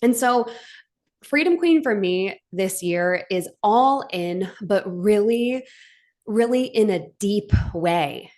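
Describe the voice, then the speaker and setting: A woman's voice: medium pitch, lively intonation, slow pace, darkish tone. A woman hosting a live stream for her business community, speaking in a gushing, heartfelt way with frequent "like" fillers. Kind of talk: emotional motivational live stream. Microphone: webcam on a live stream.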